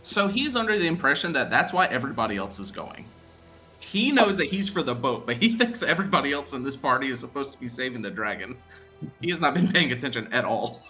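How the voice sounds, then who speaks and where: Bright-voiced man player, quick chatter. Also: medium pitch, very animated, faint music behind, poor audio. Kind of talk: casual game table chat.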